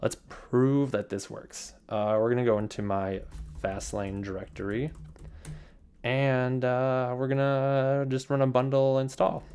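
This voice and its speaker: A man's voice: mid-range voice, little pitch movement, measured pace, darkish tone, clean tone. A young man walking through his computer setup in a casual, rambling screencast, with lots of fillers and repeated words. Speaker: software developer demonstrating his setup.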